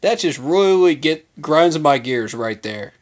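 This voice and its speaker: A man's voice: fairly high pitch, expressive, a little slow. A man hosting a fan channel, giving a heated, emphatic rant full of slang to his viewers. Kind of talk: casual fan rant to camera.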